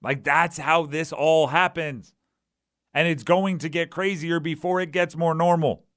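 A man's voice: fairly high pitch, fairly even intonation, measured pace, fairly bright tone, no room sound. A man hosts a sports talk radio show and riffs on trades in a casual monologue. He talks conversationally and keeps checking in with the listener. The sound is dry and close, with no room around it. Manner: conversational, keeps asking "right?".

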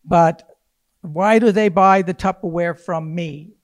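Male interviewer, fellow actor, high voice, halting and searching for words. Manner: searching for words, restarting phrases. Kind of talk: conversational interview.

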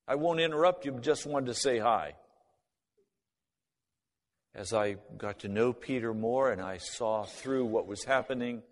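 A man of middle pitch tells a personal testimony, voicing both sides of old conversations. His voice carries a long reverb, as if recorded in a large hall. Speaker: speaker giving a personal testimony. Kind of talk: spoken testimony storytelling.

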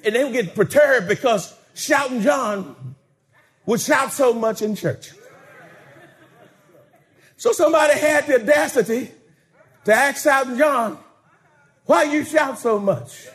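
Man, preacher, sermon, fervent, swooping pitch, unhurried. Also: animated. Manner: fervent, chanting hymn lines, shouting.

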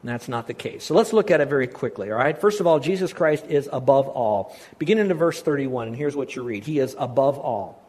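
A man's voice: medium pitch, lively intonation, brisk, hardly any pauses, a little mellow, breathy edge. A man preaching a sermon in a conversational way, often putting questions to his congregation. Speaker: pastor.

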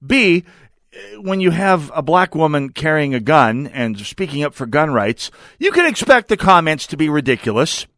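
A man hosts political talk radio at a studio mic. His pitch swings widely as he jabs sarcastically, and the sound is dry and close. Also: moderate pace, no echo. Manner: animated, sarcastic, combative. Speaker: radio talk show host. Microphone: studio microphone.

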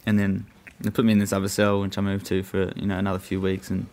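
Gravelly, low-voiced man. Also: monotone, fast talker, very noisy. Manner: profane, rambling, full of fillers. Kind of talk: casual storytelling.

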